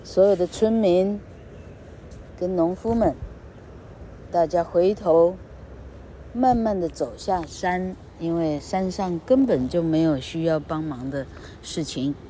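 A woman reading a children's storybook aloud and explaining it in a slow, expressive teaching manner. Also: lowish voice, a little hiss or hum.

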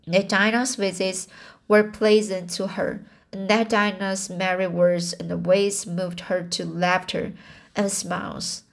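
Woman audiobook narrator, very slow and deliberate, stumbles and self-corrects, mid-range voice. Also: medium pitch, flat delivery, creaky. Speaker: audiobook reader.

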